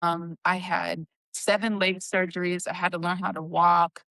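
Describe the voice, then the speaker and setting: A woman's voice: fairly low pitch, flat delivery, normal speed, creaky, fairly bright tone, no echo. A young adult woman telling her own story with emotion, acting out the dialogue. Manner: emotional, retelling dialogue with "I was like". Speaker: cancer survivor guest. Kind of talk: personal storytelling.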